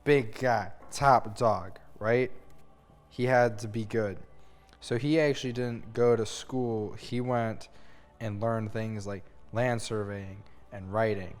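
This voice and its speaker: A man's voice: on the low side, fairly even intonation, slow. A young man telling a history story as a comedy bit, in a rambling, slangy, giggly way. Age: young adult. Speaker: student narrator. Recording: long reverb with music underneath.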